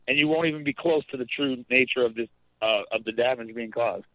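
A man's voice: mid-range voice, brisk, dry recording. A man from Canada ranting with passion as a guest on a talk radio interview, heard through dull lo-fi radio sound. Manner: impassioned, ranting.

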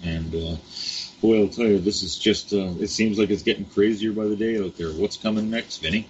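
Deep-voiced easygoing man, muffled audio. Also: steady tone, brisk, slight background noise. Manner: easygoing, folksy, encouraging. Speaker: co-host. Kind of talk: casual podcast talk.

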